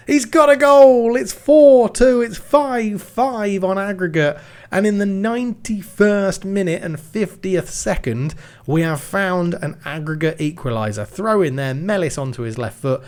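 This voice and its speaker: Excitable man calling game goals. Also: mid-range voice. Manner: excitable play-by-play, shouts at goals. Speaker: gaming YouTuber. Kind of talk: live game commentary.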